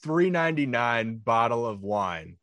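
A man's voice: medium pitch, very animated, unhurried, a bit bright, no room sound, clean studio sound. A young adult man co-hosting a comedy podcast, making wry observations and asking his co-host questions. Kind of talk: casual comedic chat. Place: New York area.

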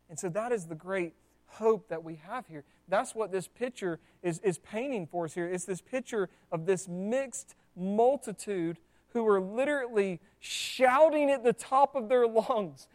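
A man preaching a sermon in a conversational, animated way, with asides to the congregation. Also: high voice, a little slow. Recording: long church hall reverb.

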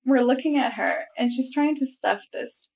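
A young woman flight attendant hosting a podcast, chatting casually and telling lively work stories with frequent laughter. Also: high voice, moderate pace. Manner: animated storyteller who laughs often.

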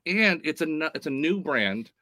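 Casting: male easygoing podcast co-host, bright, lively delivery. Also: on the high side, moderate pace, no echo. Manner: casual, reads sponsor spots. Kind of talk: casual chat.

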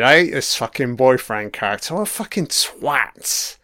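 A man's voice: medium pitch, animated, moderate pace, bright, forceful tone, dry recording, clean studio sound. A man giving a profane, mocking watch-along commentary on a TV episode, heckling the characters on screen. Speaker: film commentator.

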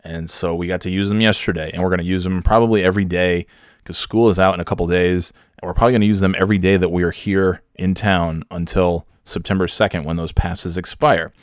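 Low-voiced joking man from New York. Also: steady tone, fast, no echo, clean studio sound. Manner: rambling, joking, many fillers. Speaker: vlogger. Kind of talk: casual storytelling.

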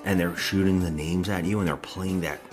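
A man's voice: low-pitched, fairly even intonation, brisk, soft background music. A man co-hosting a podcast, chatting casually and jokingly about a film. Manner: rambling, jokey, acts out scenes. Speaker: podcast co-host. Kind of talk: casual chat reviewing a film.

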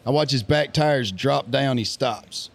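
A man's voice: medium pitch, a little slow. A man telling a story in casual podcast chat, acting out what people said. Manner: animated storyteller, acts out quotes. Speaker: podcast host.

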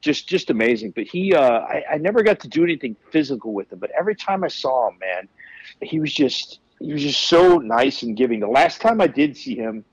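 A man's voice: mid-range voice, a little fast, breathy edge, no room sound, dull audio. Profane storytelling man, dry sound. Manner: candid, profane, animated storyteller. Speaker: wrestler guest. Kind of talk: casual storytelling.

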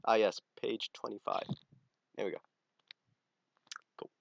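A man's voice: lowish voice, steady tone, unhurried, gravelly, highs cut off, heavy background noise. A teenage man, telling a crude story in casual podcast chat. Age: teens. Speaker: podcast co-host.

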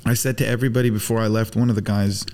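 A man who grew up in the Arab world, talking as a guest in a casual podcast conversation, an animated storyteller who acts out quotes and swears freely. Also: lowish voice, racing.

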